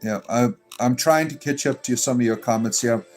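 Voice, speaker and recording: A man's voice: mid-range voice, moderate pace, darkish tone, soft background music. A man hosting a pagan livestream, reading and answering chat comments in a sarcastic, exasperated way with lots of fillers. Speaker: pagan clergy livestream host.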